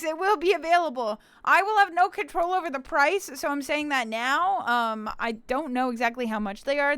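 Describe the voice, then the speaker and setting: A woman's voice: fairly high pitch, fairly bright tone, smooth, no echo. A young woman streaming live, chatting casually and giggling with her viewers, slipping into a cutesy puppy-girl act. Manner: bubbly, giggly, talks to chat and plays a cutesy puppy-girl persona.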